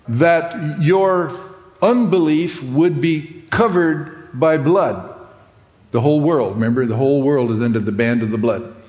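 A man preaching a sermon, reading scripture aloud and then explaining it in an earnest, plain-spoken way. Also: fairly high pitch. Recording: echoey hall with long reverb.

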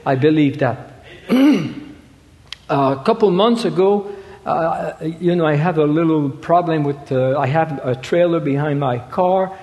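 Male preacher. Halting, stop-start delivery with emphatic peaks. Slightly raised pitch, echoing hall. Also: a little mellow. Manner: halting, repeats words, rises to emphatic quoting. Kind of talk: sermon. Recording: reverberant hall.

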